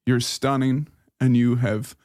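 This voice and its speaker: A man's voice: medium pitch, fairly even intonation, slow, a little mellow, natural voice. A man playing a bumbling best man giving a wedding toast, his delivery fumbling and corny. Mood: mock-sincere. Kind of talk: comedic wedding toast bit.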